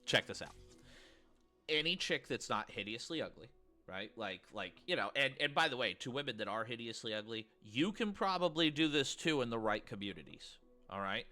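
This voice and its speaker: A man's voice: mid-range voice, lively intonation, normal speed, sharp tone, faint music behind. A man ranting in a reaction commentary, stumbling and repeating words as he goes. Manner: stammering, repeats words, rants.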